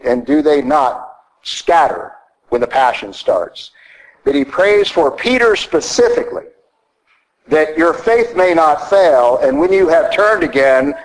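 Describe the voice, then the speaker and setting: A man's voice: on the high side, low-quality recording. A man with a Southern American accent preaching a sermon, emphatic and teacherly, often asking rhetorical questions.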